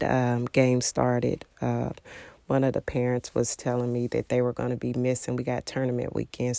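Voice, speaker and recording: A parent telling a devotional story in a rambling, halting way, full of fillers and restarts. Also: mid-range voice, vocal fry, a little mellow, dry recording. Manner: acts out quoted remarks in a raised voice.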